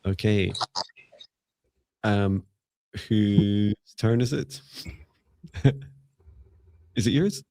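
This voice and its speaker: Gravelly low-voiced man joking on a live stream. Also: warm tone, no echo, clean studio sound. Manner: playful and joking, with quick teasing asides. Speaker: psychic mentor co-hosting a live reading stream. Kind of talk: casual live-stream chat.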